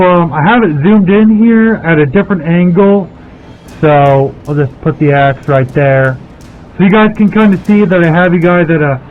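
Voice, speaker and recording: A man narrates his workshop project in an unhurried, meandering way, thinking out loud as he goes. His voice sits a little high. It comes through a tinny, phone-like headset sound with faint music in the background. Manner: rambling, thinking aloud. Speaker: blacksmith vlogger. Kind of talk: casual workshop commentary.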